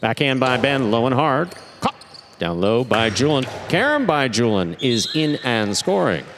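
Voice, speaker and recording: A man calling live play-by-play, his voice leaping up on exciting plays and settling back to explain them. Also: mid-range voice, unhurried, slight background noise. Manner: animated, voice jumps up on exciting plays. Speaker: play-by-play commentator. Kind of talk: live sports commentary.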